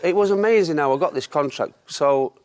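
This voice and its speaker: A man, a former footballer telling anecdotes in lively chat, often laughing at his own stories. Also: a little high, a little fast.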